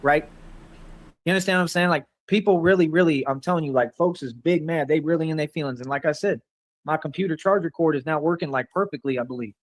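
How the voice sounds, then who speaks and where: A man from Texas's Rio Grande Valley speaks quickly in a fairly high voice, with no echo on the recording. His livestream monologue is an angry, confrontational rant, rambling and boastful and packed with repeated filler phrases.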